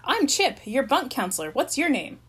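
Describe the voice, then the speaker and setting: A woman reading the part of an eager, cheerful young male camp counselor in a storybook, pitching her voice up brightly. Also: big pitch swings, moderate pace, breathy edge, full character voice. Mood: hearty.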